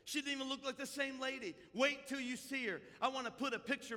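A man preaching a sermon as pastor, impassioned, swinging between loud proclamations and hushed storytelling. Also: very high-pitched, steady tone, fast talker, hardly any pauses, big-room sound.

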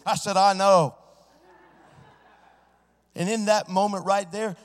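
A man preaching a sermon, swinging from hushed storytelling to loud, shouted exclamations. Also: high voice, steady tone, moderate pace, long pauses. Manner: preaching with sudden swells into shouting. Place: church. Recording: church sanctuary with long reverb.

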